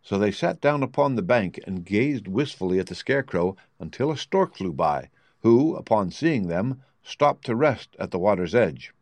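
Expressive man reading a storybook. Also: lowish voice, moderate pace, dry recording. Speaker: narrator. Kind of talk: storybook narration.

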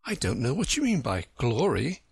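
A man reading a storybook aloud, voicing a polite, curious young girl with a raised, girlish pitch. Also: huge pitch swings, normal speed, creaky, husky, dry recording, studio quality, exaggerated voice.

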